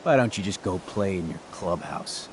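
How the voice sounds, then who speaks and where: A hotheaded, distrustful dealer; swings hard in pitch, game dialogue, faint noise behind. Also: male voice, lively intonation, normal speed. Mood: dismissive. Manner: menacing, erupts into shouting. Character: volatile, suspicious adult male drug dealer. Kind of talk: video game voice acting.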